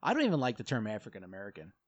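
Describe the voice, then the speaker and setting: A man co-hosting a podcast, joking and quick with wisecracks in casual chat. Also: fairly low pitch, huge pitch swings, husky, dry recording, muffled recording. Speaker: podcast co-host.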